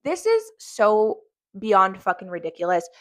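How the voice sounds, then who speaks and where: A woman's voice: mid-range voice, big pitch swings, a little slow. A woman hosting a reaction commentary, ranting angrily with heavy swearing. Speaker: commentary host.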